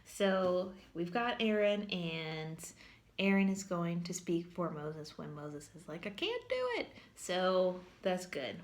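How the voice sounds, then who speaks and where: A woman giving a casual, humorous Bible lesson at church, chatty and full of filler words. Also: lowish voice. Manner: chatty, humorous, says "like" a lot. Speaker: church teacher.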